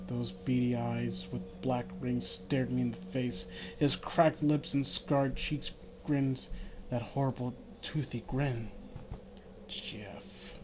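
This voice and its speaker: A man reading an amateur horror story in the first person, breaking off for wry offhand asides. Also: medium pitch. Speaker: reader of a horror fan story. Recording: noisy home recording.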